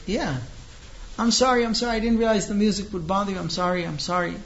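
A man's voice: animated, normal speed, warm tone, muffled recording, lightly acted. A man voicing a flustered young wife who keeps apologizing in a raised voice. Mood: apologetic. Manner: gushing repeated apologies, higher voice.

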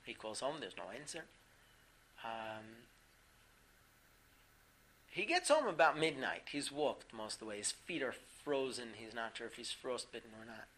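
Bright-voiced man teaching a class. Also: mid-range voice, moderate pace, pauses often, slight background noise, poor audio. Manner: animated, laughing storyteller with frequent ums. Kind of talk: storytelling lesson.

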